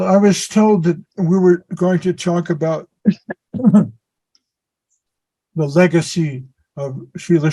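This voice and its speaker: A man's voice: a little high, mellow, poor audio. A man telling a meandering, self-deprecating story on a video call as a spiritual teacher. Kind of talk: anecdotal storytelling.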